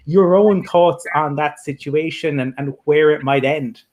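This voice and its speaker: A man's voice: a little high, measured pace, a little mellow. A man with an Irish accent hosting a sports show, asking conversational, thoughtful questions. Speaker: host. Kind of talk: interview questions.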